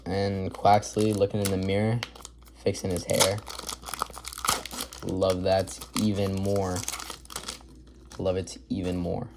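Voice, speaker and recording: A man's voice: sits low, completely flat delivery, slow pace, gravelly, pauses often, noisy background. A man hosting a casual card-opening video, upbeat and chatty, rattling off card names as he goes. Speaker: card collector video host. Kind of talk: casual pack-opening commentary.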